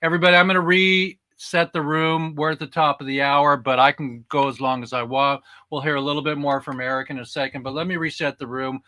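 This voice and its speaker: A man's voice: fairly high pitch, steady tone, brisk, hardly any pauses, bright, forceful tone. A man hosting a casual online talk show, chatting with his guests in a folksy, enthusiastic way. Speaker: host. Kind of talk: casual chat.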